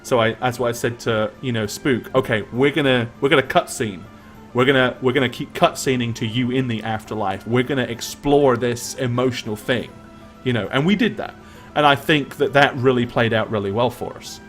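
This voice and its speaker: A man's voice: mid-range voice, normal speed, a bit bright, soft background music. A man co-hosting a casual recap of a tabletop game stream, who rambles and restarts his sentences as he talks. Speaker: game master and co-host.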